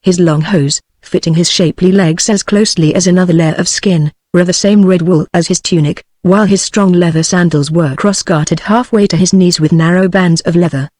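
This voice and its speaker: A synthetic woman's voice, low-pitched and British-accented, narrates an audiobook in an even, measured text-to-speech manner, with no echo.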